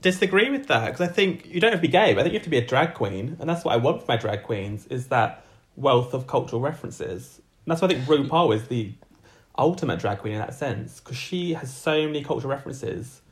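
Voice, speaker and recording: A man's voice: mid-range voice, lively intonation, a little fast. Wry teasing male podcast co-host. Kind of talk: casual chat.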